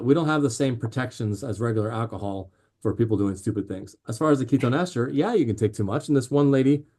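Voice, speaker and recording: A man talking as a guest on a podcast, telling animated stories with lots of fillers and restarts. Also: mid-range voice. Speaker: podcast guest, drink company founder. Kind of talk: casual interview chat.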